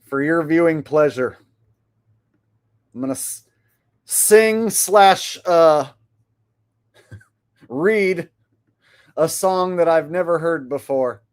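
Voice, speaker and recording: A man's voice: fairly high pitch, slow, pauses often, clean tone. A man hosting a casual livestream, rambling through his commentary with frequent hesitations. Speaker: channel host.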